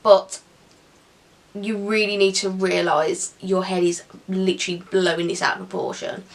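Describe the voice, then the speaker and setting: A woman's voice: medium pitch, level tone, normal speed. A young woman chatting casually to camera in an upbeat Q&A vlog, with giggly asides. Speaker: vlogger.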